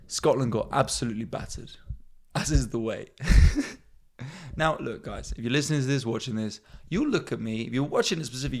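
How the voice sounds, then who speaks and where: A man in his thirties hosting a comedy podcast, rambling in a self-mocking way and swearing freely. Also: mid-range voice. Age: 30s. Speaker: podcast host. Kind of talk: casual comedic monologue.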